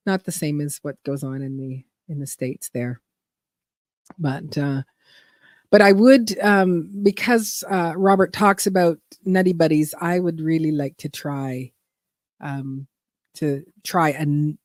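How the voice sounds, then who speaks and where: A woman's voice: lowish voice, darkish tone, no room sound. Chatty woman, dry close sound. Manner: rambling, chatty, reads viewer comments aloud. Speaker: gardening channel host. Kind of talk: casual livestream chat.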